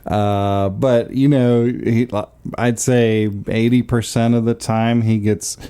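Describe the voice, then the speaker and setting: A man's voice: mid-range voice, little pitch movement, takes it slowly, warm tone, clear, resonant tone. A man in his thirties co-hosting a parenting podcast in casual, playful chat. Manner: playful, joking. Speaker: podcast co-host.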